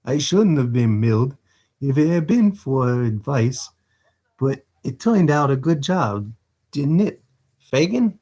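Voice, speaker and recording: A man's voice: medium pitch, sing-song, unhurried, warm tone. Guy doing a dopey defensive young crook, kinda whiny. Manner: pleading, piles question on question. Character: dim young male thief, defensive and whiny.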